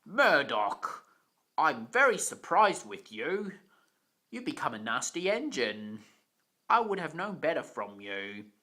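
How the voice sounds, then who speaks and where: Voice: mid-range voice, very animated, slow, bright, forceful tone, heavily acted. A reader voicing a stern, pompous railway boss who scolds severely, in an amateur storybook reading. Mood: scolding.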